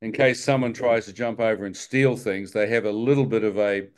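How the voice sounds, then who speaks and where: A man giving a personal testimony as a lively storyteller, self-mocking and chuckling as he goes. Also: on the low side, fairly quick, clear, resonant tone. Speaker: testimony speaker.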